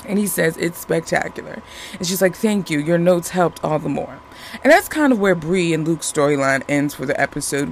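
High-voiced, gravelly man recapping a show. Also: a little hiss or hum. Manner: rambling, many fillers and restarts. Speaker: TV episode recapper. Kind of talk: casual episode recap.

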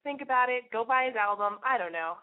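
A brash young woman hosts her podcast, her voice stuffed up and nasal from a cold. She rambles crudely, full of swearing and "like." Her slightly high voice comes through thin and tinny, as if over a phone line. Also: lively intonation, fast. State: congested, sniffly and nasal from a cold. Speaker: host of a call-in podcast. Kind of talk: brash confessional monologue.

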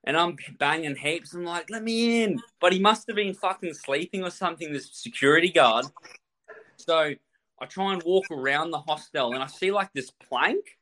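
A man casually telling a wild travel story, animated and swearing a lot, laughing as he goes. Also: a little high, moderate pace.

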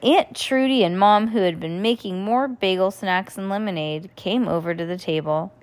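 A woman hosting a podcast, reading a children's storybook aloud with animated storytelling. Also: medium pitch, moderate pace. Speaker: podcast host.

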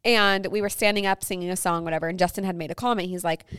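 A woman's voice: on the low side, steady tone, fast, a bit bright, smooth, dry recording, studio quality. A young woman co-hosting a chatty podcast, telling stories and laughing until she cries. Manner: giggly, laughs until crying, chatty storytelling. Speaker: podcast co-host. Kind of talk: casual chat.

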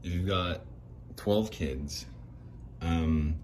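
A man's voice: sits low, very slow, slight background noise. A man hosting a solo podcast, talking in a joking, digressive way and acting out little scenes. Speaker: podcast host. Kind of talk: rambling solo monologue.

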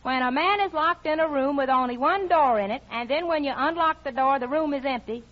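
A woman's voice: high-pitched, a little fast, close to an everyday voice. An actress playing a naive, brash young hillbilly girl with a folksy twang in 1940s radio comedy. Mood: triumphant. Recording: dull old radio recording.

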